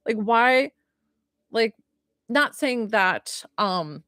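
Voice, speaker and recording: A woman's voice: on the high side, lively intonation, drawn-out words, a bit bright, no echo, studio quality. A woman giving live-stream psychic readings, chatty and giggly, full of likes and ums. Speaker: psychic reader.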